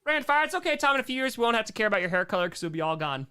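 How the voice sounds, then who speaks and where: A man hosting a live stream, reacting to his own home videos with excitable, self-mocking jokes. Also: sits high, rapid-fire, clean tone. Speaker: streamer host.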